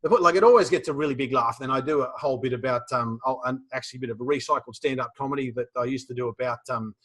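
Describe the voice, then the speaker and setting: Give me an Australian man with a husky voice telling anecdotes in a talk. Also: medium pitch, rapid-fire. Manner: animated storyteller with many restarts and fillers. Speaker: professional speaker teaching a webinar. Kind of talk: storytelling presentation.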